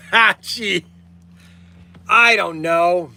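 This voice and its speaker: A man's voice: high voice, expressive, unhurried, pushed and bright. A man hosting a casual livestream, rambling and repeating himself, tacking "okay" onto his sentences. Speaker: livestream host.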